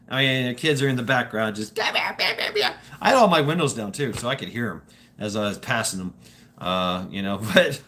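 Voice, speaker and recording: Man, mid-pitch, bright edgy voice; rambling profane storyteller who stammers and repeats himself. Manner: stammering, repeats words, profane, laughs often. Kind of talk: rambling casual monologue.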